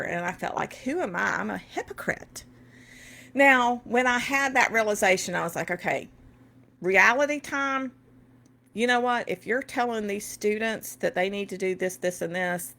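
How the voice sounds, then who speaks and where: A middle-aged woman speaks straight to her viewers in a heartfelt personal talk. Her voice sits low and has a gravelly fry, and she comes across as emotional and a little preachy. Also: fairly bright tone. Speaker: host and educator.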